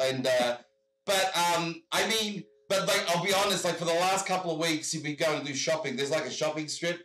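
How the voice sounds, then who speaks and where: A man's voice: a little high, roomy sound, low-quality recording. A man from Australia with an Australian accent, telling rambling stories in casual chat and often repeating "I gotta tell you.". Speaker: guest. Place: home in Michigan.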